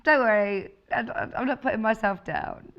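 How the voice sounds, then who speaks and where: A woman with a low, husky voice, chatting in a bubbly way as she presents a live TV shopping show. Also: normal speed, muffled recording. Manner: bubbly, chatty, laughs often. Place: TV studio.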